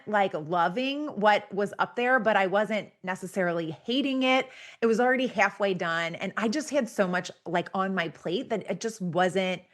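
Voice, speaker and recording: A woman's voice: mid-range voice, fairly bright tone. A woman podcast host telling a personal story in a chatty, rambling way, full of filler words.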